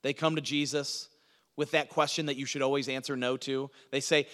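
A man preaching a sermon, teaching through a Bible passage with emphatic delivery that swings from loud to hushed. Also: on the high side, animated, a little fast, big-room sound.

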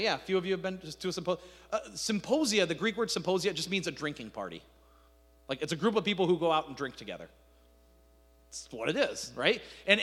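High-voiced male pastor preaching in a hall. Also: fairly bright tone. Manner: conversational preaching, rising to fervent emphasis. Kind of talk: sermon.

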